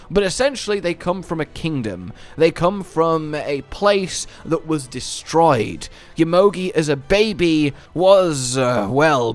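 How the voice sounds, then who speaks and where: A man hosting a gaming video, talking through game lore in a playful, jokey way. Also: on the high side. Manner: playful, jokey wordplay, animated.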